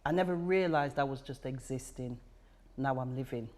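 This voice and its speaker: A woman's voice: a bass voice, normal speed, darkish tone. Reflective woman, emphatic. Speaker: charity chair and guest. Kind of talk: podcast conversation.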